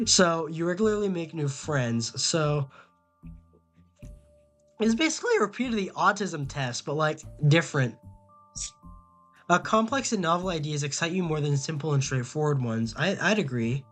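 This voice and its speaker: A man's voice: on the high side, animated, moderate pace, fairly bright tone, faint music behind. A young man streaming casually, reading quiz questions aloud and answering them in a rambling, flustered way, often stammering and repeating himself.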